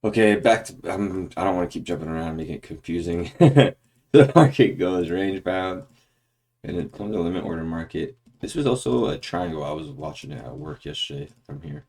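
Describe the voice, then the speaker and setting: A man's voice: sits low, expressive, normal speed, darkish tone. A man casually talking through a trading chart breakdown early in the morning, rambling and correcting himself, with occasional hiccups. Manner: rambling, self-correcting, goes off on tangents.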